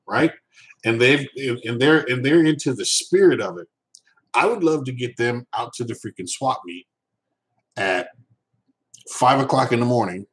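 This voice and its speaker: A man's voice: mid-range voice, poor audio. A man chatting casually on a live stream, reading viewer questions and rambling, with lots of fillers and restarts. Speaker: reseller vlogger.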